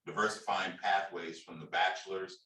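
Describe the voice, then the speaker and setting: A man's voice: low-pitched, level tone, moderate pace, sharp tone. A man hosting a panel, affirming others and often restarting his sentences. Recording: roomy, distant audio.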